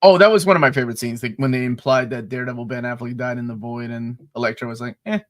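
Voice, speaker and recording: A man co-hosting a casual movie review, excitable and laughing often. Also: mid-range voice, fast talker, no room sound, studio quality. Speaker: podcast co-host.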